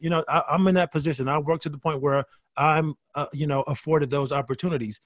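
Animated stand-up comic man, tight dry mic. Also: on the high side, fast talker, few pauses, no echo. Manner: animated storytelling, swearing, many restarts. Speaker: guest comedian. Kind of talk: casual podcast conversation.

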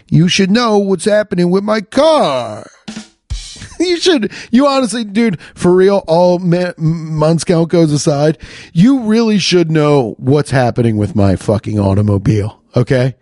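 A man's voice: on the high side, expressive, unhurried, a little mellow, dry recording. A man ranting in a casual monologue into a close podcast mic, profane and exasperated, with lots of restarts.

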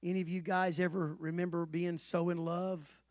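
This sermon comes from a pastor whose voice is strikingly high, his delivery flat and his pace moderate. He climbs to shouts, then drops into hushed asides, repeatedly putting questions to the congregation and asking them to answer back. Though he's in a church sanctuary, the sound is close and dry with barely any echo.

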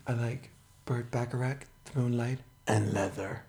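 A man's voice: mid-range voice, steady tone, measured pace, darkish tone. A man co-hosting a podcast in casual chat, telling gossip in a campy way and slipping into playful put-on voices. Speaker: podcast co-host.

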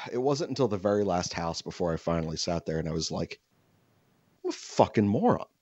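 A man telling a self-mocking comic story in casual chat, animated and swearing freely. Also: deep voice, fast, slightly rough, no echo, dull audio.

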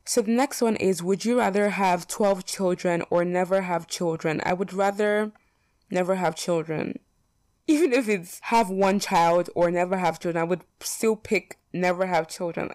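A young woman talks through would-you-rather picks in a loose, chatty way, full of fillers and blunt opinions with the odd swear. Her voice sits a bit low for a woman. The sound is dry and close, with no room echo. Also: moderate pace, darkish tone. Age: young adult. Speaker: vlogger.

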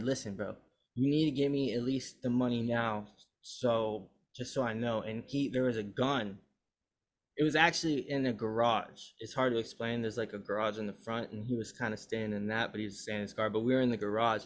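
Young man telling a rambling, profane story. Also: medium pitch. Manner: rambling, profane, animated retelling. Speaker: podcast host. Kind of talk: casual storytelling.

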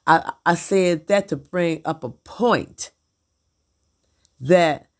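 A woman's voice: lowish voice, drawn-out words. A middle-aged woman venting in a blunt, profane, repetitive monologue about her husband. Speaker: vlogger.

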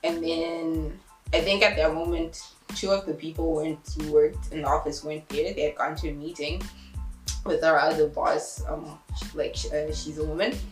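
Speaking at a normal pace in a reverberant space, a young woman animatedly recounts a story, voicing each character with dramatic pitch shifts and laughing along the way. Soft music plays in the background.

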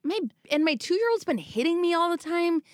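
A woman's voice: extremely high pitch, animated, normal speed, no echo, clean studio sound. A young adult woman chatting casually as a podcast co-host, making emphatic points and groaning in reply. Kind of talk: casual chat.

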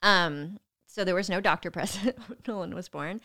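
A woman's voice: fairly low pitch, normal speed, bright, forceful tone. A woman animatedly telling a personal story in casual chat, often breaking into laughter. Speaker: guest telling her birth story.

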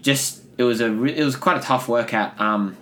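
A man's voice: mid-range voice, moderate pace, fairly bright tone. A young man co-hosting a casual chat, telling stories with lots of fillers and laughter. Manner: rambling storyteller, many fillers and restarts, laughs often. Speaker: podcast co-host.

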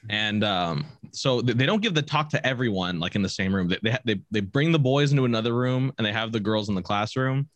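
A man's voice: fairly low pitch, animated, fairly quick, hardly any pauses, no echo, highs cut off. A young man chatting loosely, full of swearing and restarts. His voice rises and falls a lot, and he sounds close and dry with no room at all. He keeps breaking into laughter as he goes. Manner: rambling, profane, laughing storytelling with many restarts. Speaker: storyteller. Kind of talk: casual chat.

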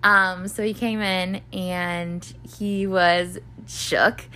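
A young woman hosting a podcast rambles through a personal tale, heavy on fillers and swearing, doing voices for the other people involved. She has a mid-range voice with fairly even intonation, a sharp tone, and drawn-out words.

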